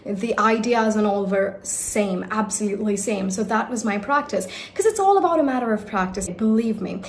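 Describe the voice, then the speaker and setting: A young woman from India shares her own story in a casual vlog, speaking as an accent coach. Her delivery is lively and emphatic, and she often turns to give viewers direct advice. Her voice sits at an ordinary middle pitch over a faint background hiss. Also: normal speed.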